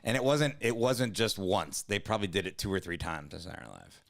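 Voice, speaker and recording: A man co-hosting a comedy podcast in casual chat, riffing and jumping into quick impressions of people. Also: low voice, expressive, vocal fry. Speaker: comedian co-host.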